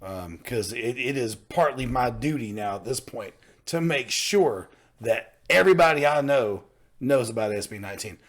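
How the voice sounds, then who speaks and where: A man's voice: mid-range voice, expressive, unhurried. Earnest, fired-up male reaction host. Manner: earnest and fired up, repeats himself for emphasis. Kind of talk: casual reaction commentary.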